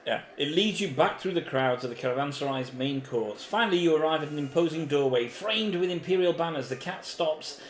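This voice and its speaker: A man's voice: fairly high pitch, fairly quick, hardly any pauses. A man co-hosting a board game playthrough, chatty, reading rules and story text aloud. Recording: echoey room with faint background noise.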